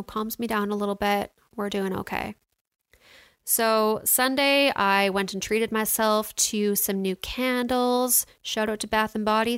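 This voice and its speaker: Chatty young woman with a smooth voice. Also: mid-range voice, a bit bright, no echo, clean studio sound. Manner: chatty, candid, lots of "like" and "you know" fillers. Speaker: vlogger. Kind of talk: casual personal storytelling.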